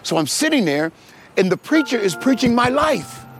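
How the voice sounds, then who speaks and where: Middle-aged male preacher, high voice, animated testimony over music. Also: moderate pace. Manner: animated storytelling, acting out voices. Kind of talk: sermon testimony.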